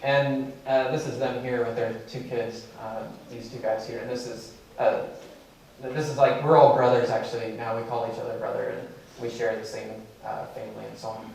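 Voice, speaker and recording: A man's voice: mid-range voice, little pitch movement, moderate pace, gravelly, darkish tone. A man giving a keynote talk, telling a personal story in a loose, conversational way with many fillers. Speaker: keynote speaker. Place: large lecture hall. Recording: echoey hall, mic from a distance.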